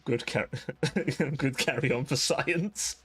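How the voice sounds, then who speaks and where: Faint music sits under a young man's live stream as he chats with his audience at an unhurried pace. His medium-pitched voice is husky yet fairly bright, and he rambles, giggles, and jokes at his own expense.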